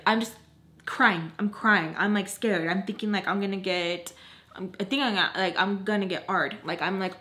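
A young woman in her twenties telling a casual storytime vlog at home, animated, filling every phrase with "like" and acting out what people said. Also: mid-range voice, moderate pace. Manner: animated, fillers "like" constantly, acts out quoted lines. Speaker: vlogger.

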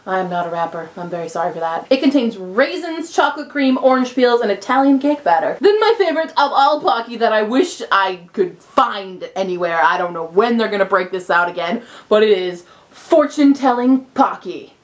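Young woman, hyper vlogger, high voice, wildly swooping pitch, giggly and excitable. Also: normal speed. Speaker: vlogger and English teacher in Japan. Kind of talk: casual vlog. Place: indoors at home.

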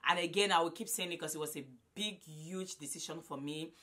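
Loud gushing woman in her twenties, low voice but bright and forceful, talking into her phone. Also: a little fast. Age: 20s. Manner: loud and effusive, repeats herself. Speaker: vlogger. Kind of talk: casual vlog to camera. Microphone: phone camera.

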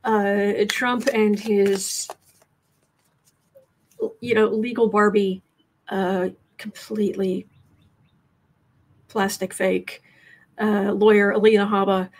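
A woman's voice: medium pitch, level tone, slow pace, pauses often, a little mellow. A woman hosting a daily tarot livestream in a casual, rambling chat, with asides to her viewers. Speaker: livestream tarot reader and host.

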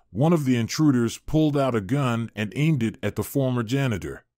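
A man narrating a scripted drama story with an expressive delivery. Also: mid-range voice, a little fast, no room sound, clean studio sound.

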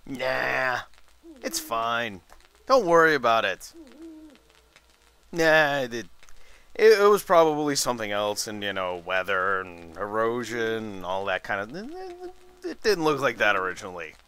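A man's voice: medium pitch, very animated, unhurried, a bit bright, clear, resonant tone. A tired man doing rambling, sarcastic commentary over a video game. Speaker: let's play commentator.

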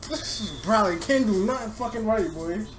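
A woman giving live gameplay commentary, excitable and profane, yelling at her teammates, recorded on a desktop USB microphone. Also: medium pitch, normal speed, soft background music. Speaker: gamer.

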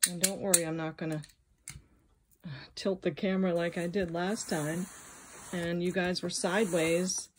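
Female vlog host, low-pitched, chatty and excitable, unboxing over loud paper rustle. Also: a little hiss or hum. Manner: chatty and excitable, exclaiming as she unpacks. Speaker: jewelry reseller and channel host. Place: indoors at a table, unboxing. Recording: clear crinkling and rustling of packing. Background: clear crinkling and rustling of packing.

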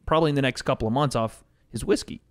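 A man's voice: mid-range voice, very fast. A man co-hosting a podcast, talking casually and at length while reacting to video clips, swearing now and then. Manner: animated, talkative, swears casually.

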